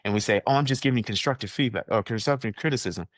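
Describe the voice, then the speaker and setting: A man as a guest coach in a conversational interview, acting out the people he quotes in lively voices. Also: fairly low pitch, very fast, no room sound, clean studio sound.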